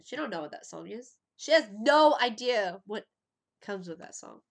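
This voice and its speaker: A woman's voice: medium pitch, lively intonation, moderate pace. A woman in her thirties hosting a casual live stream, rambling, swearing freely and giggling as she talks into a webcam mic. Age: 30s. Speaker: livestream host.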